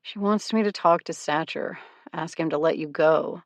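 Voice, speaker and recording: A woman's voice: low voice, moderate pace, creaky, dry recording. A woman narrator voicing a charming, buzzed ex-husband in an audiobook, with an easygoing, teasing manner. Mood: defensive. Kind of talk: audiobook character voice.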